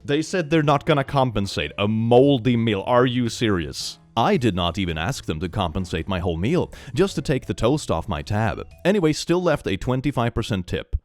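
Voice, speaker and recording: A man's voice: mid-range voice, very animated, normal speed, hardly any pauses, soft background music. A man hosting casual comedy reaction commentary, sarcastic and laughing often. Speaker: host.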